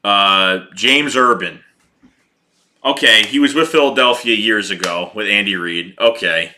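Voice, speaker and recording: A man with a very bright, forceful voice rants about his team, swearing freely and repeating his points. His tone stays casual and heated throughout, like a fan host talking straight to his viewers. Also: lowish voice, unhurried, a little hiss or hum. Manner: heated, profane, repeats himself. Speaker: sports podcast host reading chat.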